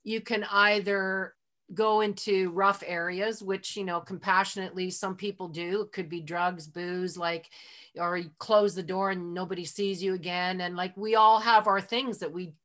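A middle-aged woman talks through her past as a podcast guest in an easy, conversational flow at a medium pitch. She is open about her feelings and sprinkles her speech with casual fillers. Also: steady tone, normal speed, fairly bright tone. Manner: chatty, frequent fillers like "like" and "you know"; heartfelt, openly emotional. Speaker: interview guest. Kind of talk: casual storytelling in a podcast interview.

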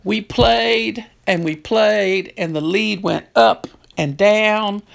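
A middle-aged prison chaplain tells stories slowly in a deeply gravelly, creaky voice. She's animated, jumping up in pitch whenever she quotes herself or someone else.

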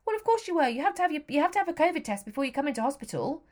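A woman voicing a busy female hospital nurse who talks in a clipped, brisk way. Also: on the low side, fairly even intonation, darkish tone, close to an everyday voice. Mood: curt. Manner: curt and impatient, then apologetic.

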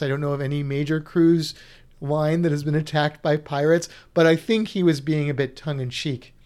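A man's voice: on the high side, a little mellow. A man co-hosting a podcast in casual chat, rambling and restarting his sentences as he reads listener comments. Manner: chatty, rambling with many restarts. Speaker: podcast co-host.

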